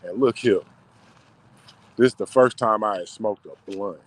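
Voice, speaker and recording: A man's voice: on the low side, measured pace. A man in casual, emotional storytelling, talking in slang with many fillers. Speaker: vlogger. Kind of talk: casual personal storytelling to camera.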